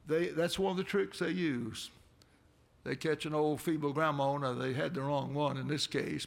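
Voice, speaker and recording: Man, pastor, church sermon, rambling folksy delivery, gravelly, slightly high voice. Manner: rambling, conversational, chuckling. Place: church sanctuary.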